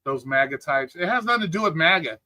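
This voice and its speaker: Angry streamer host, high tense voice, heated profane rant, calls out his chat. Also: lively intonation, fast talker, bright, forceful tone. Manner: angry, heated, swearing constantly; greets live chat viewers between rants. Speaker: livestream host.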